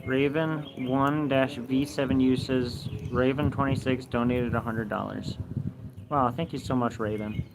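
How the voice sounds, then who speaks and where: A man's voice: mid-range voice, unhurried. Young man streaming outdoors by a lake. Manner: flat, mumbled chat reading with defensive outbursts. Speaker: live streamer. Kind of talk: casual live stream, reading chat aloud. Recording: noisy outdoor phone recording.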